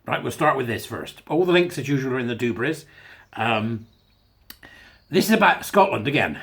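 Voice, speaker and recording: A man giving a rambling, casual commentary to his viewers, animated and sarcastic, with plenty of asides and filler. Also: medium pitch, moderate pace, long pauses. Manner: meandering, chatty, with filler. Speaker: online commentator.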